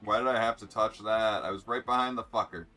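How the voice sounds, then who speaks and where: In a casual racing-game live stream, a young man talks bluntly and sarcastically to viewers, swearing freely. His lowish voice is steady in tone, pushed and bright, and a little fast, with faint music in the background.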